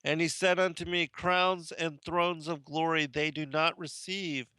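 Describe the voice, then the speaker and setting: A man's voice: on the high side, flat delivery, a little slow, bright, forceful tone, clean tone, no echo. A man hosting a monologue show, talking through passages and reading scripture aloud, with hesitant asides and rising emphasis on exclamations. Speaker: host.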